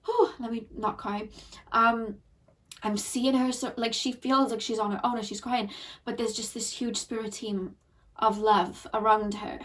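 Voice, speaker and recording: A woman's voice: on the high side, fairly even intonation, a little slow, a bit bright, recorded from a distance. A woman giving an emotional, earnest tarot reading to her viewers, repeating phrases and getting teary. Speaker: tarot card reader.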